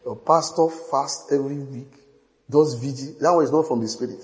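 Pastor preaching in a reverberant hall. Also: male voice, medium pitch, moderate pace. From Nigeria. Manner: storytelling with quoted dialogue, rising to shouts. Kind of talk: sermon.

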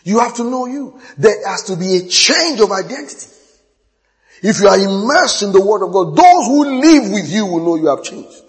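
A man preaching a sermon as pastor, animated, laughing often and repeating phrases. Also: sits high, normal speed. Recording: long echoey hall reverb.

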